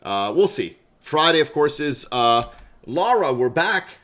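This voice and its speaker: A man's voice: on the high side, big pitch swings, unhurried, a bit bright. A man chatting casually on a game livestream, laughing often, greeting viewers by name, wired on coffee, with keyboard clicks behind. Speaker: livestream gamer.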